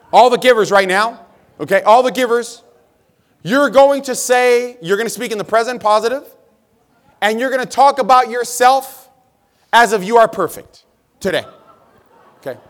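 A man leading a live motivational seminar at a sales convention, energetically shouting directions to the crowd. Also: very high-pitched, normal speed, long pauses. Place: large convention hall with a crowd. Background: crowd of hundreds.

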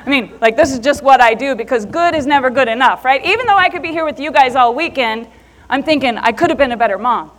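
A middle-aged woman giving a motivational talk to a live audience, telling an animated story and acting out the messages she got. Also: sits high, quick pace. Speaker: motivational speaker.

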